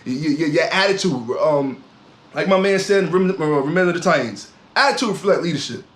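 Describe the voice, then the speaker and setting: A man's voice: fairly high pitch, lively intonation, fairly quick, reverberant. A man co-hosting a sports podcast, ranting heatedly in casual talk and often repeating his words. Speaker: podcast co-host.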